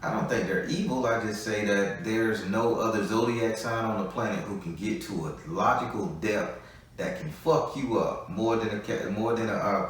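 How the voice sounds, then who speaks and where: A man's voice: on the low side, recorded from a distance. Blunt, profane man in an echoey room. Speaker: tarot reader. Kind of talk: live tarot reading.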